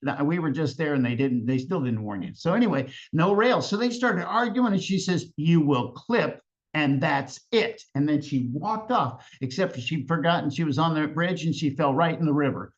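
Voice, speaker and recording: Halting man telling a tall tale. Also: fairly high pitch, animated. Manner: halting, repeats words, chuckles between lines. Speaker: storyteller. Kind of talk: live storytelling. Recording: lo-fi event recording.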